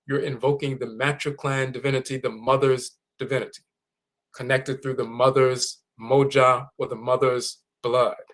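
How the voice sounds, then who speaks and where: Man, mid pitch, teaching tone, slow and deliberate, spells terms out. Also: fairly bright tone. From North America. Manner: deliberate, spells words out letter by letter. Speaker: lecturer on spiritual tradition. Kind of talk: explanatory lecture.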